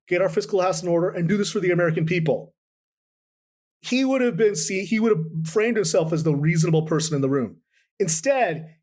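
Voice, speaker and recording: Man, reporter guest, lively storytelling, quick restarts, slightly high voice. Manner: animated, quotes people in lively voices, many restarts. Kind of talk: conversational interview storytelling.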